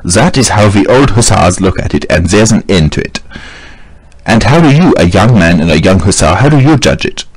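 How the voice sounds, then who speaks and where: A man's voice: low voice, expressive, moderate pace, slightly rough, no room sound, full character voice, poor audio. A man reading aloud and voicing a stout, patriotic German colonel with a German accent who speaks emphatically, dwelling on words. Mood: fervent.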